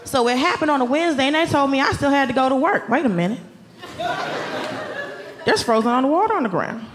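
Exasperated high-voiced woman comic. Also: quick pace, a crowd in the background, background noise. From Atlanta, US South. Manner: animated, exasperated ranting with outbursts. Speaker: stand-up comedian. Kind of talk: stand-up comedy set. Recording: live club with loud audience laughter.

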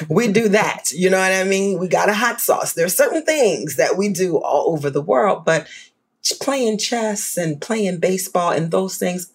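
Gravelly, husky speaker with a New Orleans accent. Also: unhurried. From Southern United States. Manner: animated, emphatic, rising to high pitch for emphasis. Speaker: guest scholar. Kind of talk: casual panel discussion.

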